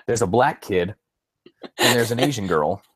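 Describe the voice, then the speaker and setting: A man's voice: on the low side, animated, moderate pace, fairly bright tone, slightly rough, no echo. A man co-hosting a podcast in casual chat, rambling, restarting his sentences and chuckling often. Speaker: podcast co-host.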